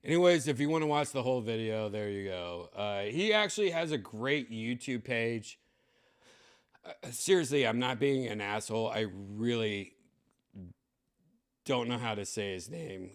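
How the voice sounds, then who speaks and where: A man hosts a live stream and chats casually to his viewers. He rambles in an excitable way and leans on constant fillers. His voice sits at an ordinary middle pitch. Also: normal speed, clear, resonant tone. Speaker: streamer host.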